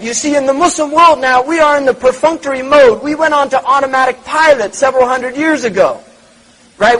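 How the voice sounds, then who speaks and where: A man's voice: extremely high pitch, fairly bright tone, low-quality recording. A man giving a religious lecture, reflective, repeating words and asking rhetorical questions. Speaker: Islamic lecturer.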